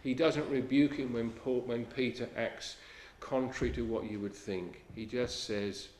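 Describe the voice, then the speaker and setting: A man preaching a sermon in an earnest manner. He quotes scripture in old-fashioned English and drops to a hush on key lines. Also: mid-range voice, fairly even intonation, measured pace, reverberant, slight background noise.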